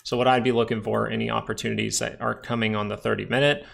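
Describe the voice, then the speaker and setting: A fast-talking man with a lowish, creaky, fairly bright voice and flat delivery hosts a live stock market stream. Chatty and casual, he explains charts as he reads and answers the viewer chat, peppering his talk with "right?"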